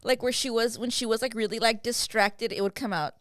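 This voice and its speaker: A woman's voice: fairly high pitch, a little fast, no room sound, clean studio sound. A woman chatting as a podcast guest, telling stories animatedly and quoting what others said. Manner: animated storyteller, quotes others. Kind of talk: casual chat.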